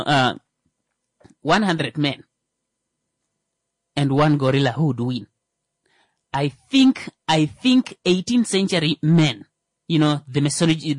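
A man performs a comedic monologue in an animated, playful way. His voice rises and falls a great deal as he riffs, sometimes leaping into mocking voices for his bits. The sound is dry and close, with no room in it. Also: on the high side, no echo. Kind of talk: stand-up style comedic monologue.

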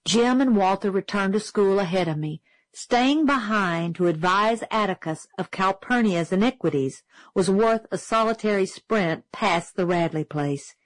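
A woman's voice: mid-range voice, measured pace, dry recording, poor audio. Woman narrating a story, dry close sound. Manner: steady, clear, storytelling. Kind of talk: scripted audiobook narration.

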